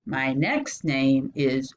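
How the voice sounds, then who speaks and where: A woman teaching a phonics lesson, sounding out each vowel slowly and lifting her voice on questions. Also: big pitch swings. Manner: stretches out and sounds out each vowel, asks questions with rising pitch. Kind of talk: slow instructional phonics lesson. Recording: dull lo-fi sound.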